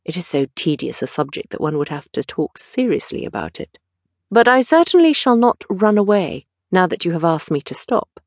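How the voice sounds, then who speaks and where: A woman's voice: fairly low pitch, very animated, moderate pace, no echo, studio quality. Woman doing a languid, teasing aristocrat. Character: languid witty older aristocrat, mildly mocking.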